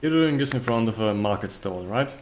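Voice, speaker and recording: A man's voice: mid-range voice, expressive, a little fast, a crowd in the background. A man running a tabletop game as game master, casual and joking.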